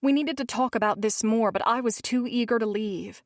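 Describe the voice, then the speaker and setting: Woman narrating a dark romance novel. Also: on the high side, no echo, clean studio sound. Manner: measured first-person storytelling. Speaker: audiobook narrator.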